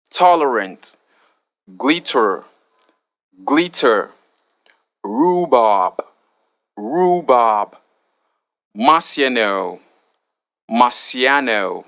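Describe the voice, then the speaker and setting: Very slow, bright-voiced male tutor. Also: mid-range voice. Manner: deliberate, says each word twice. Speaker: pronunciation tutor. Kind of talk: reading a spelling word list aloud.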